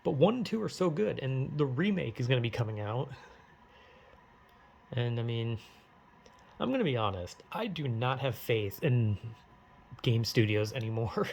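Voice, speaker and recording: A man with a gravelly, creaky voice at a middle pitch, talking casually to camera. He rambles and restarts, teases himself and swears freely. He sounds like a host riffing on his own opinions. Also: expressive, normal speed, pauses often, darkish tone, slight background noise. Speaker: YouTuber.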